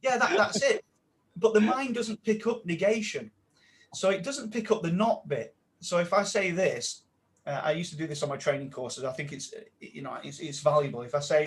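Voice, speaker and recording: Man coaching with animated energy. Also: on the high side, moderate pace. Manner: animated, drops to a quiet voice when quoting self-talk. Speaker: mindset coach guest. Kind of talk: casual podcast interview.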